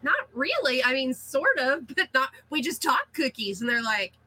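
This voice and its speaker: A middle-aged woman, a cookie artist, chatting as a guest and telling lively anecdotes with frequent laughs. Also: high-pitched, moderate pace, husky, dry recording, poor audio. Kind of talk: casual interview storytelling.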